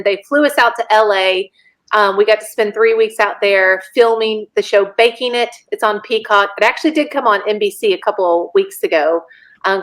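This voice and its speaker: A woman in her forties, a podcast guest, telling a story in an animated, laughing way and acting out the quotes. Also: mid-range voice, rough recording. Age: 40s. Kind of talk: casual storytelling chat.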